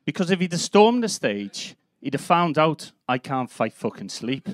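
A man's voice: on the high side, very animated, moderate pace, no echo. A man in his fifties from Liverpool with a Scouse accent, doing a live stand-up set in a comedy club with a brash, sweary, punchy delivery. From Liverpool, England. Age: 50s.

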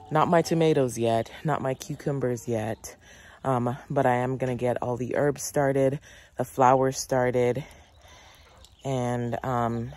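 A woman's voice: a bass voice, a little mellow. A woman, chatting casually in a gardening vlog and a little out of breath. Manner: chatty, lots of fillers and "y'all". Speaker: gardening vlogger.

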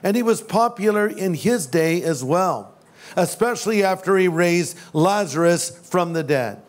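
A male pastor with a high speaking voice for a man delivers a sermon. His tone is loose and conversational, with jokes and playful asides. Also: animated, a little slow. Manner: jokey, conversational, does voices.

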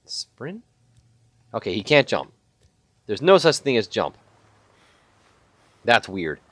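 A man giving let's-play commentary at an unhurried pace, his pitch swinging widely as he jumps from mumbling over menus to excited yelps. He swears freely and talks to himself as he plays. The sound is dry and close, with almost no room echo. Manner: chatty, swears a lot, bursts into excited yelps. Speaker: gaming channel host.

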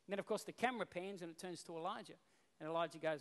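A male pastor preaching a sermon, telling the story in an animated, casual way. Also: sits high, very fast. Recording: long reverb in a hall.

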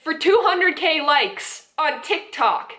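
Woman reacting to prank clips, swears freely and laughs at her own jokes, slightly high voice. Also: animated, slow pace, bright, forceful tone. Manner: blunt, profane, laughs at her own remarks. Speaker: YouTuber reacting to prank videos. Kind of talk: casual commentary.

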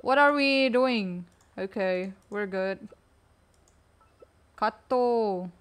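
Soft-spoken woman streamer, unhurried. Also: smooth. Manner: talks low and weak to save energy. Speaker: game streamer. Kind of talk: casual live-stream chat while gaming.

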